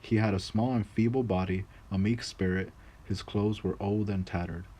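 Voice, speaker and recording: A man reads a folk tale aloud in a measured, grave way. His voice sits very low and dark, with a husky grain throughout. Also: fairly even intonation, rough recording. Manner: measured, grave reading with small restarts. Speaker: narrator. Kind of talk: storybook narration.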